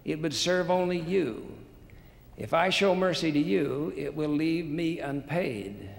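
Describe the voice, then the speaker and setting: Brief: man reading a stern, unyielding creditor with a gravelly voice in a big reverberant hall. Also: on the high side, a little slow, pitched above the performer's own voice. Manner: firm, unyielding. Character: stern male creditor demanding justice. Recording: long hall reverb, faint noise.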